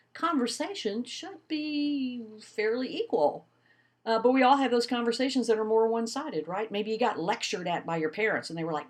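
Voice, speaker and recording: Woman college instructor, casual and lively video lecture style. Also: mid-range voice. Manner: conversational, animated teaching with rhetorical questions.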